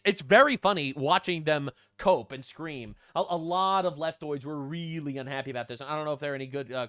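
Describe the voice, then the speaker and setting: A man's voice: a little high, a bit bright, clean tone, no echo, studio quality. A man doing reaction commentary, sarcastic and mocking, often laughing at what he reads. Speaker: online political commentator.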